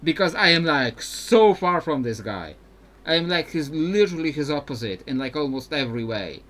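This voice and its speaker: A man chatting his way through a live game playthrough, rambling with lots of fillers and quick laughs. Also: fairly high pitch, expressive, fairly bright tone. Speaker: gamer.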